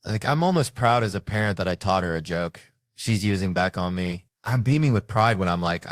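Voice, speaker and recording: A middle-aged male comedian tells crude family stories, profane and brash. His voice sits a little low. The sound is dry and close, with no room echo. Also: animated, a little fast. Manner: brash, profane storytelling with acted-out quotes. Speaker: stand-up comedian. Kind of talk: stand-up comedy routine.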